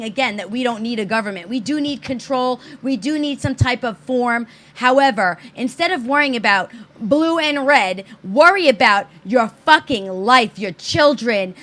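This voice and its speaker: Female co-host, high-pitched, heated and profane. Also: sharp tone. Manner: profane, emphatic ranting. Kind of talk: heated casual chat.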